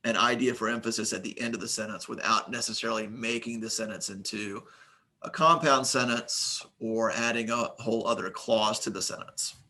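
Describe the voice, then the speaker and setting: A man's voice: fairly low pitch, fairly even intonation, normal speed, bright, forceful tone. A man teaching a recorded grammar lesson, reading example sentences aloud and explaining them methodically, with the occasional filler.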